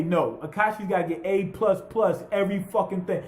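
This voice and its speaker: Male anime reviewer, high voice, loose profane recap, roomy echo. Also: brisk. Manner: profane, rambling, animated retelling with quoted voices. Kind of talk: casual recap monologue.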